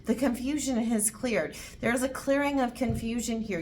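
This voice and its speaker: A woman's voice: a little high, normal speed, few pauses, darkish tone, a little hiss or hum. A woman giving a casual tarot reading to camera, blunt and repetitive, swearing freely as she talks. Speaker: tarot reader.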